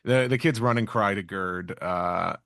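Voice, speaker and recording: Low gravelly man recapping a comic. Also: fairly bright tone, no echo, studio quality. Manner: halting, with many fillers and restarts. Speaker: podcast co-host. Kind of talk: casual chat recapping a comic chapter.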